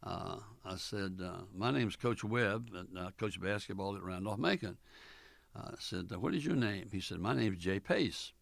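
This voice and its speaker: Older man, former coach, oral history interview, gravelly, low-pitched, folksy storytelling, dry close sound. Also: lively intonation, dry recording. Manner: folksy, unhurried, many fillers, quotes dialogue.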